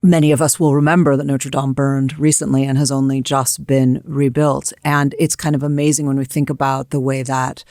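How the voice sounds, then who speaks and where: A woman's voice: rumbling low, little pitch movement, moderate pace, hardly any pauses, a little mellow, no echo, clean studio sound. An American woman co-hosting a history discussion, telling events in a vivid, emphatic way. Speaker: co-host.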